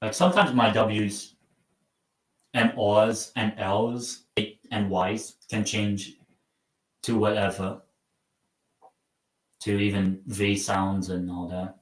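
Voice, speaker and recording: Slow, rambling man on a live stream. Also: lowish voice, fairly even intonation. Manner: rambling and self-mocking, trails off quietly. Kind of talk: casual live match watchalong commentary. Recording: roomy sound from a mic at some distance.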